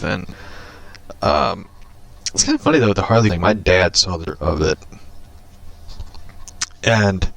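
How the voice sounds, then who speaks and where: A man's voice: deep voice, vocal fry, fairly bright tone, dry recording. A man rambling casually through news and geek topics, loose and profane, with frequent restarts. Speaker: vlogger.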